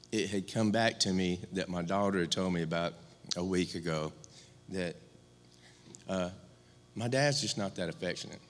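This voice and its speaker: A man's voice: sits low, a bit bright. A middle-aged man from rural Georgia giving a eulogy for his older brother, telling candid stories with humor and many fillers. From rural Georgia, US South. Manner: candid, joking storyteller with many fillers and restarts. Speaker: eulogist, younger brother of the deceased. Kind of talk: eulogy at a memorial service. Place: church sanctuary. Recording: long church-hall reverb.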